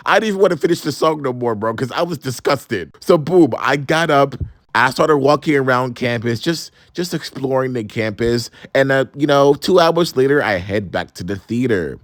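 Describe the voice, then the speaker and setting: A man's voice: medium pitch, normal speed, no echo, studio quality. A young man in his twenties from Maryland, telling a story casually with lots of slang and swearing. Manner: animated, profane, slangy, exclaims "bro" a lot. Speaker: storytime vlogger.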